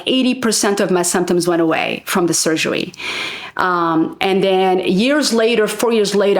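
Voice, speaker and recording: A woman in her forties, a guest telling her personal health story with earnest, halting speech and frequent restarts. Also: on the low side. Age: 40s. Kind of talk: emotional personal testimony.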